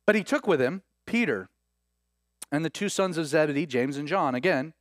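A man's voice: fairly high pitch, lively intonation, normal speed, no room sound. A man preaches a sermon. He retells scripture as a story, acting out the quoted speech and restarting his phrases. His voice sounds close and dry. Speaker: pastor.

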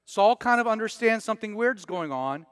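A man's voice: high voice, expressive, normal speed, clean tone, no room sound, studio quality. A man preaching a casual verse-by-verse sermon as pastor, conversational and joking with slang asides.

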